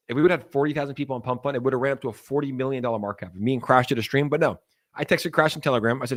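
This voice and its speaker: A man's voice: mid-range voice, very fast. A young man hosting a casual crypto livestream, talking in a hyped, joking and profane way. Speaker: crypto streamer.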